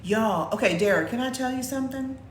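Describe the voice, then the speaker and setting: A woman's voice: a little high, a little fast, echoey room, slight background noise. A woman co-hosting a livestream, talking playfully in casual chat and laughing a lot. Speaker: co-host of a livestream. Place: home.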